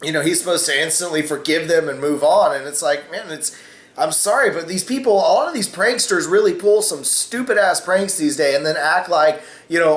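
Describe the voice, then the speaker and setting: A man's voice: a little high, fairly quick, reverberant. A man hosting a casual opinion vlog, rambling with many fillers and cussing freely. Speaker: vlogger host.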